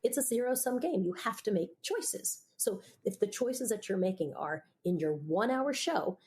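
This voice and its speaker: A middle-aged woman, a broadcast journalist, talking candidly as a guest in an interview, opinionated and quick to laugh. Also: medium pitch, lively intonation, a little mellow. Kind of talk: conversational interview.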